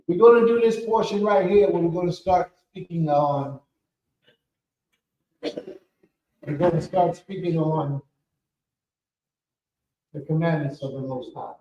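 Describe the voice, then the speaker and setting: A man giving a sermon as spiritual leader of a congregation, preacherly and rising to shouts. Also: on the high side, slow, long pauses, muffled recording, slight background noise. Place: temple hall. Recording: echoey room from far off.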